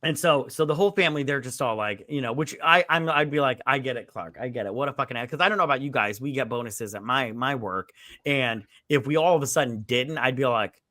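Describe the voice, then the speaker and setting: A man's voice: mid-range voice, brisk, pushed and bright, no echo, clean studio sound. A man casually retelling movie scenes on a podcast, rambling with lots of fillers and swearing. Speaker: podcast co-host. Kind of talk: casual movie review chat.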